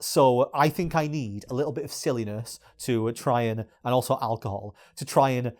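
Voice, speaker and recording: A man's voice: medium pitch, normal speed, a little mellow. A man giving exasperated, swearing video essay commentary as a YouTuber.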